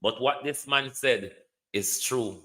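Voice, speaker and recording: A man's voice: mid-range voice, takes it slowly, bright, forceful tone. A man with a Jamaican accent giving a mocking, scolding political rant on a livestream, sliding between standard English and patois. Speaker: political commentator.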